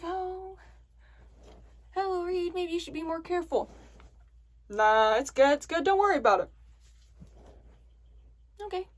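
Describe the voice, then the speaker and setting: A woman vlogger telling a story to the camera in a chatty, animated way. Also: high voice. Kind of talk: casual story time.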